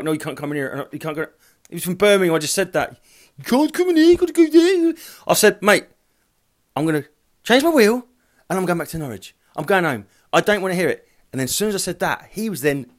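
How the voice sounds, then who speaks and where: A man hosting a solo podcast, telling rambling, profane anecdotes in a casual chat style. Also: medium pitch. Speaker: podcast host.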